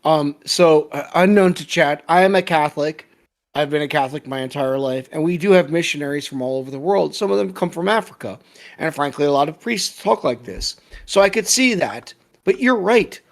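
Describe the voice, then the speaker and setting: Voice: mid-range voice, lively intonation, brisk. A co-host in a casual review chat, ranting heatedly and swearing freely.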